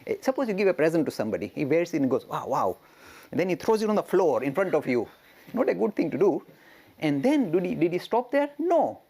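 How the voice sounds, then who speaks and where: A man giving a storytelling lecture as a religious teacher, animated and chuckling, with rhetorical questions. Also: on the high side, fairly quick, gravelly, husky.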